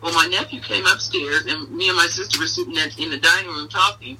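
A middle-aged woman, interviewed as a mother, telling fond family memories in an animated way and laughing often. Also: on the low side, fast talker, husky. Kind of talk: casual storytelling in an interview. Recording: voice heard from a distance.

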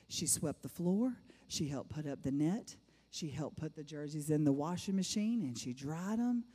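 A middle-aged woman with a deep, mellow voice gives a personal testimony at church, emphasizing her points by repeating phrases. The long reverb of a large hall colors the sound.

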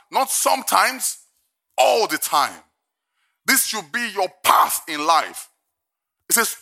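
An older male pastor delivering a sermon in a gravelly, rather high voice with a bright, sharp edge. He tells a funny personal story, then moves into emphatic preaching and slow, weighty readings of scripture. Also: very animated.

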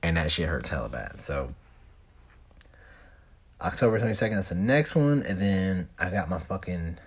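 A man's voice: sits low, lively intonation, moderate pace, breathy edge. A young man telling a rambling story in casual talk, slangy and full of swearing. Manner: heavy swearing, laid-back slangy rambling.

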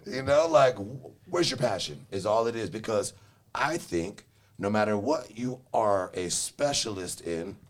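Young guy from LA, lowish voice, rambling and cussing, laughs a lot. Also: animated, measured pace. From Los Angeles, Southern California. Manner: profane, rambling, laughs often. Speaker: guest telling his life story. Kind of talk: casual chat.

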